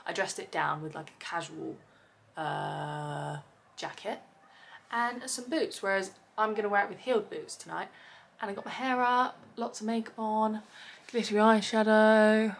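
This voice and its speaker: A woman's voice: mid-range voice, fairly even intonation, moderate pace, gravelly. A young woman chatting to camera in a casual vlog from a hotel room, bubbly and self-deprecating. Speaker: vlogger.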